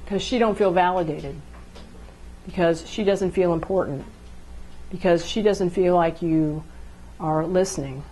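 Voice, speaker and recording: A woman gives a talk on how couples communicate. She keeps it casual and conversational, and she acts out quick exchanges between partners to show each point. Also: fairly low pitch, warm tone, a little hiss or hum, low-quality recording. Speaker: relationship speaker.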